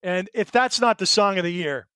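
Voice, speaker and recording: A man's voice: sits high, lively intonation, moderate pace, fairly bright tone, clean tone, no room sound, studio quality. A middle-aged man co-hosting a podcast in casual chat, earnest and emotional, hesitating with fillers and restarts. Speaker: podcast co-host.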